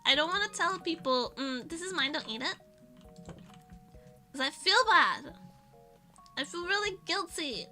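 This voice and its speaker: A woman's voice: extremely high pitch, expressive, unhurried, long pauses, bright, forceful tone, faint music behind. A young woman streamer chatting casually, rambling and self-mocking with frequent laughs. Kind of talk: casual chat.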